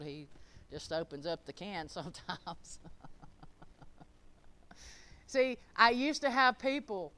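A middle-aged woman preaching a sermon in a folksy, emphatic way, swinging from loud declarations to quiet, chuckling asides. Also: fairly low pitch.

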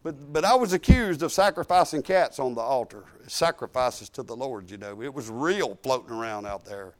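A woman's voice: extremely low pitch, animated, normal speed. A woman pastor, preaching a folksy, emphatic sermon full of hallelujahs.

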